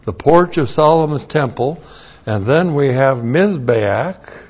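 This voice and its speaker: A man's voice: mid-range voice, animated, slow pace, darkish tone, slightly rough, lo-fi sound. A man preaching a verse-by-verse Bible lesson, spelling out Hebrew words letter by letter and repeating key phrases. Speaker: pastor.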